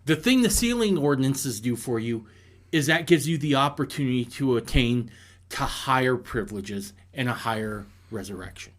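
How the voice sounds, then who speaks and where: A man hosting a podcast in casual conversation, agreeing and adding his own quick remarks. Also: mid-range voice, lively intonation. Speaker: podcast host.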